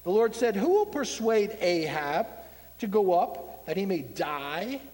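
A man preaching a sermon, voicing a blunt male prophet who mocks the king, then forcefully pronounces doom. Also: high-pitched, sing-song, measured pace, long reverb tail. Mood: bold.

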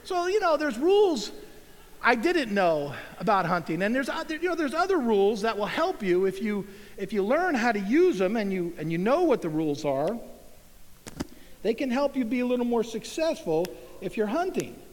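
A middle-aged man holds a live audience with a folksy, animated story, laughing and exclaiming as he goes. His voice sits high for a man. The sound carries the long reverb of a large hall. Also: moderate pace. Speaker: speaker at an event.

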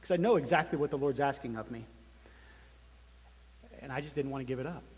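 A man in his thirties giving a personal testimony sermon as a church planter, telling his story earnestly and haltingly. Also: mid-range voice, a little mellow, a little hiss or hum. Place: large meeting room. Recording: long hall reverb.

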